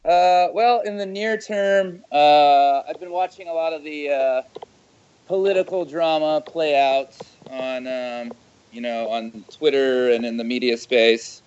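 Guy on a muffled phone line, halting and hesitant, loudness all over the place, voice a bit high. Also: fairly even intonation, clean tone. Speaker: interview guest on the phone. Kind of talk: phone-in interview.

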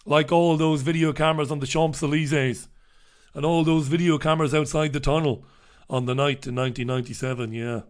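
Guy on a livestream reading the papers and chat, kinda high voice, sarcastic, repeats himself a lot. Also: fairly even intonation, fairly quick. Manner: sardonic, wry asides and scoffing; loose, rambling delivery with repetitions. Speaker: livestream host reviewing newspapers and viewer comments. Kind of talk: casual live commentary.

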